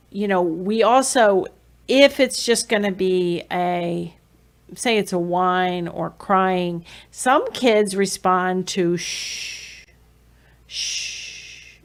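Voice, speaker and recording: A woman podcast host and behavior analyst, talking conversationally with fillers and self-corrections as she explains strategies for parents. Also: mid-range voice. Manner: acts out parent-child exchanges with soft shushing.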